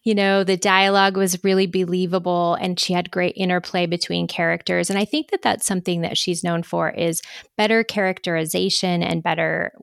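A woman's voice: fairly low pitch, steady tone, fairly quick, vocal fry, clean tone, dry recording, clean studio sound. A woman co-hosting a podcast in an enthusiastic, chatty way. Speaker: podcast co-host. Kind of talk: casual chat.

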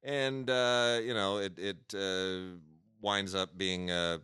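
A man's voice: low-pitched, flat delivery, slow pace, pushed and bright, smooth, no room sound. A man co-hosting a podcast, casually reviewing films with wry, dry asides. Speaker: podcast co-host, film reviewer.

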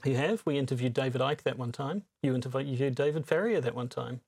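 A man's voice: medium pitch, a little fast, darkish tone, husky. A man hosting a podcast in casual chat, with a dry, teasing sense of humor. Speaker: podcast host. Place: recording together in Auckland, New Zealand.

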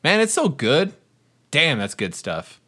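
A man's voice: a little high, huge pitch swings, slow, pushed and bright, husky. A man hosting a podcast in casual, upbeat chat. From Canada. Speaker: podcast host.

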